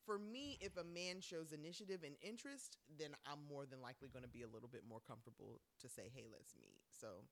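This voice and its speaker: A woman's voice: low-pitched, animated, fast talker, few pauses. A young woman guest in a casual chat, speaking frankly and with emphasis.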